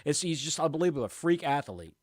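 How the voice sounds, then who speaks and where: A man's voice: a little high, quick pace, dry recording, studio quality. A man co-hosting a wrestling podcast in casual chat, telling stories with jokey asides. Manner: animated storyteller, jokey asides. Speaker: podcast co-host.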